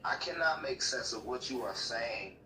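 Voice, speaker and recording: A man's voice: medium pitch, animated, normal speed, bright, forceful tone, recorded from a distance, a little hiss or hum. A machine-made male voice answering in stiff, formal, lecturing sentences, played back from a speaker across the room. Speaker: AI chatbot. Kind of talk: calm, formal replies. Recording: roomy speaker playback with faint TV.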